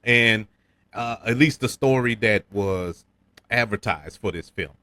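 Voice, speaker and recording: A man's voice: fairly low pitch, a little slow, no room sound. A man from New Orleans with a local accent, giving a casual film review on his podcast, chuckling and stumbling over repeated words. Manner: animated, repeats words when restarting, chuckles often.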